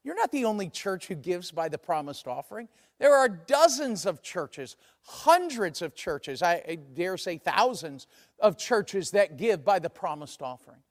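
A man with a high voice preaches a sermon. He keeps it conversational and acts out the people he quotes. The sound carries the long reverb of a large church sanctuary.

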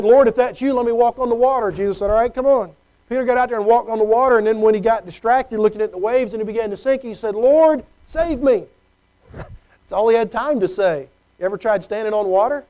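A man's voice: high voice, darkish tone, low-quality recording. A middle-aged man preaching a conversational sermon, often checking in with "okay?". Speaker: pastor.

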